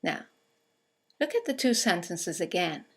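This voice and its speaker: A woman teaching English in a scripted lesson, speaking with clear, careful delivery as she reads out example phrases. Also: fairly low pitch, very animated, measured pace.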